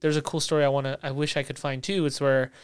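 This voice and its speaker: A man hosting a casual sports chat, rambling, losing his thread and filling pauses. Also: medium pitch, little pitch movement, smooth, dry recording. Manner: rambling, loses his thread, many fillers. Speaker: podcast host.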